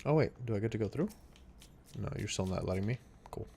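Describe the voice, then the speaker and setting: A man's voice: on the low side, lively intonation, fast talker, gravelly, mellow. A young adult man streaming a game, chatting casually and reacting aloud to what happens on screen. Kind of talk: casual live-stream chat while gaming.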